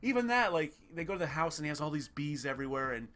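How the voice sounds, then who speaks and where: Bright-voiced man, casual film rant. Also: on the high side, fast talker. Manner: animated, swearing, mimics film characters. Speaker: podcast co-host, film reviewer. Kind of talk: casual chat.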